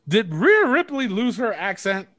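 A man hosting a casual wrestling podcast over a remote call, talking in an animated, profane, playful way. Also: high voice, measured pace, no room sound. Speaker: podcast host.

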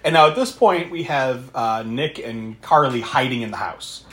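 A man co-hosting a podcast, retelling a horror movie in animated, laughing, swearing casual chat. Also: mid-range voice, moderate pace. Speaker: podcast co-host.

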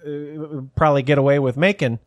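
A man's voice: a little high, steady tone, a little fast, dry recording. A man hosting a podcast, chatting casually, rambling and cursing as he mocks himself. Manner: rambling, profane, self-mocking. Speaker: podcast host. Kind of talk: casual chat.

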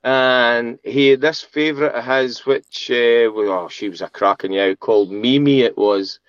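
A man's voice: medium pitch, smooth, no room sound. Man, sheep farmer, rambling storyteller, laughs a lot, dry slightly dull sound. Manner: chatty, halting, laughs often, many restarts. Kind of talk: casual storytelling interview.

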